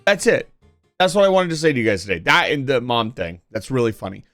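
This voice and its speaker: Animated young streamer man, mock-angry. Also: medium pitch, fast talker, soft background music. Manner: mock-angry joking that turns earnest. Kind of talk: casual live-stream chat.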